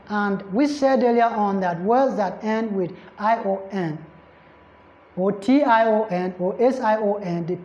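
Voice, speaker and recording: A woman teaching an exam English lesson, speaking deliberately and repeating words slowly to model their pronunciation. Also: medium pitch, a little mellow. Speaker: exam tutor. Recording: roomy, dull lo-fi recording.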